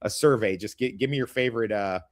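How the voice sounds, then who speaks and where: A man's voice: fairly low pitch, fast, dry recording. A man from Kansas, hosting a crude, rambling podcast chat. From American Midwest, Kansas. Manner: profane, rambling, laughs often. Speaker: podcast host.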